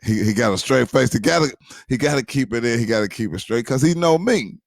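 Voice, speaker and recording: A man casually telling a funny personal story to his viewers, animated, addressing them directly and often checking that they follow. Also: medium pitch, brisk, vocal fry, no echo. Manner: animated, addresses listeners directly, many fillers.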